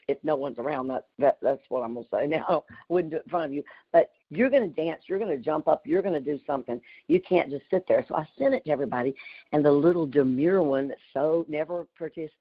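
Animated woman telling a story. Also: low-pitched, lo-fi sound. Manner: animated, warm storyteller with laughs and exclamations. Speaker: community call participant. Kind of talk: casual storytelling on a group call.

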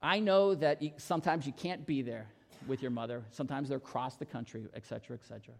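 A man's voice: medium pitch, fast, vocal fry. A male pastor preaching an earnest sermon and telling stories to his congregation in a church. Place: church sanctuary. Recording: long reverb in church hall.

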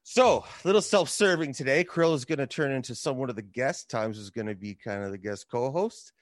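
An upbeat male podcast host who steers the conversation in casual chat. He is quick to laugh and to jump in on the others. His voice has a middle pitch and a dry, close sound. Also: no echo.

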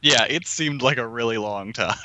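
Man, podcast co-host, casual chat, hesitant fillers, lively pitch, dry sound. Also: a little slow, no echo.

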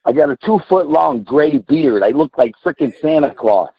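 A man's voice: fairly high pitch, animated, moderate pace, husky, dry recording, dull audio. A man in his sixties, a trucker calling in, ranting bluntly and cursing freely in casual talk. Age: 60s. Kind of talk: casual call-in rant.

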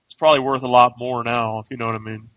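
A man's voice: medium pitch, flat delivery, fast, a bit bright, no room sound, highs cut off. A man co-hosting a podcast who rambles and jokes, often restarting his sentences in casual chat. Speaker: podcast co-host.

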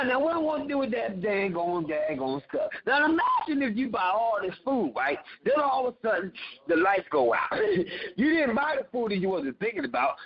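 A man's voice: high-pitched, husky, muffled recording. A man from Philadelphia with a Philly accent, hosting a casual ranting monologue, preachy and profane and laughing at his own jokes. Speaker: podcast host.

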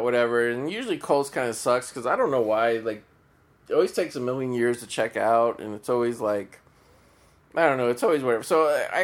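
Brief: man on a solo podcast, casual, rambling, swears freely, mid-pitched voice. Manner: rambling, profane, lots of fillers and restarts. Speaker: podcast host.

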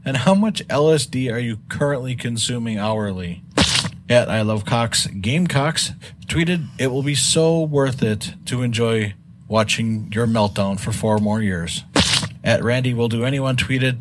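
Man reading tweets over a noisy recording. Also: mid-range voice. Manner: brisk, mocking reading with chuckles. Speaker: segment contributor reading tweets. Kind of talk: read-aloud comedy segment.

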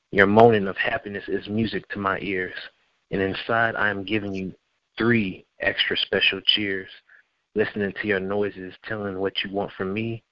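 Man, lowish voice, slow measured spoken-word recitation over a dull lo-fi line. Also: pushed and bright. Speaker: poet guest. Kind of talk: spoken-word poetry reading. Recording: dull, lo-fi call-in audio.

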